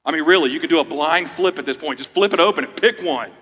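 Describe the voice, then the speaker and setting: A man's voice: a little high, fast talker, a bit bright, slightly rough, in a large hall. A man in his thirties, a pastor, preaching a sermon in a conversational way with joking asides. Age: 30s.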